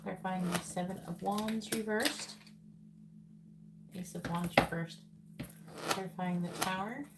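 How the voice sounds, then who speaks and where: Gravelly-voiced woman reading tarot cards. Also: lowish voice, steady tone, a little slow, pauses often. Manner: names cards aloud in a murmur, then incredulous asides. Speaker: psychic tarot reader. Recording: loud background noise.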